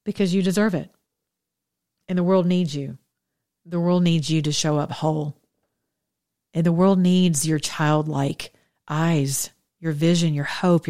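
A woman's voice: sits low, vocal fry, darkish tone, no room sound, studio quality. A woman hosting a faith talk show, giving a preachy, candid monologue to women listeners with frank, chatty asides. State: widowed, speaking as a single woman.

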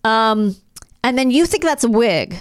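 A woman co-hosting a podcast in casual chat, animated and blunt, swearing freely. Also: on the high side, smooth, dry recording, studio quality. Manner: animated, swears, quick asides. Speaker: podcast co-host.

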